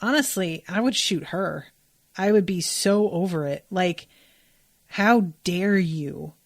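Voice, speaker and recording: A woman's voice: fairly low pitch, expressive, a little slow, no echo, clean studio sound. A woman hosting a podcast, recapping an episode in a loose, conversational way, full of "like" fillers and blunt swearing. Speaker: podcast host.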